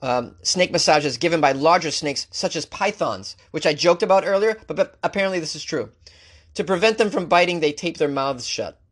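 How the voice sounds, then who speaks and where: A male talk show host reading out odd news stories and mocking them sarcastically, with big jumps in pitch. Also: expressive, normal speed, a bit bright. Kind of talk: comic news commentary.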